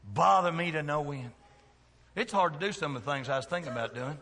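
A middle-aged man, preaching a sermon in a church with folksy jokes and big swings in loudness. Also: a little high, a little fast, in a large hall. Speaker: pastor. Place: church sanctuary.

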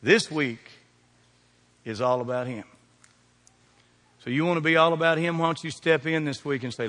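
A man with a Kentucky accent, preaching a lively sermon as pastor and firing questions at his congregation. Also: a little high, moderate pace, pauses often. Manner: animated preaching with call-and-response questions. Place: church sanctuary. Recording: long hall reverb.

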